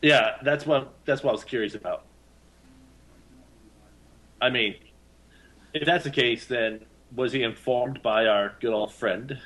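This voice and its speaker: A man at a game table chats casually and keeps restarting his words. His voice sits at an ordinary pitch. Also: unhurried, pauses often, a bit bright, rough recording. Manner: stammering restarts. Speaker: player. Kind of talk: casual chat.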